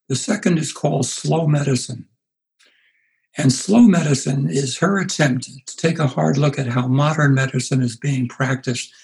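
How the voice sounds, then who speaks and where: A man in his eighties, a pastor being interviewed, telling stories in an unhurried way and acting out the voices he quotes. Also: medium pitch, vocal fry, darkish tone, rough recording. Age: 80s. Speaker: pastor and guest. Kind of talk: reflective storytelling interview.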